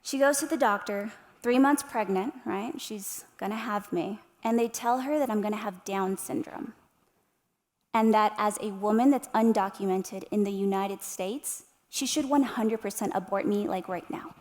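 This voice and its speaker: In the long reverb of a large arts-center hall, a woman in her thirties gives a motivational keynote at a moderate pace. Her medium-pitched voice is a little mellow, and she tells lively stories while addressing the audience with tag questions.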